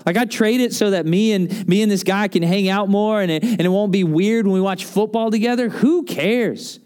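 A man, a pastor, preaching a sermon in a conversational, animated storytelling way with asides. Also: sits high, normal speed, clean tone.

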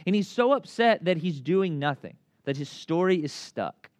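Animated young male pastor. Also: fairly high pitch, moderate pace, no room sound. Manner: conversational, animated storytelling with many asides. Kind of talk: casual sermon.

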